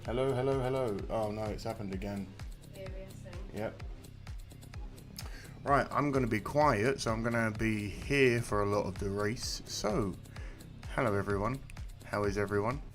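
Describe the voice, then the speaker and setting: A man's voice: fairly low pitch, moderate pace, soft background music. A British man hosting a live stream, chatting casually, greeting viewers by name and apologising for his mic volume while in some pain from a muscle injury. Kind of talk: casual live-stream chat reading comments. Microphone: close desk mic.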